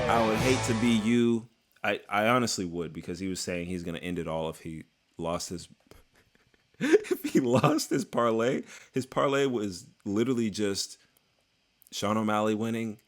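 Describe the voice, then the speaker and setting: Excitable man ranting about fights. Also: on the low side. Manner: excitable, jokey, slangy. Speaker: MMA YouTuber. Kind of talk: casual fight recap rant.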